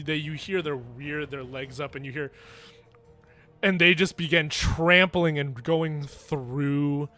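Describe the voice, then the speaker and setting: Bright-voiced young man running a tabletop game. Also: fairly high pitch. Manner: rambling, self-correcting narration. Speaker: game master. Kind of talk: narrating a tabletop game online.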